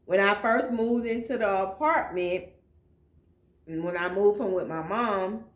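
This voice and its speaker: A woman's voice: medium pitch, reverberant. A woman telling her own life story as a single mother, speaking in a heartfelt, emotional way with speech. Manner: heartfelt, emotional, slow and plain-spoken. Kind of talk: personal storytelling vlog.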